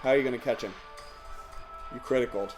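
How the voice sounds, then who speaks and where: A man narrating as game master, animated and laughing often, with faint music behind. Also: mid-range voice, fast. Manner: animated, laughs often, acts out villains in yelps.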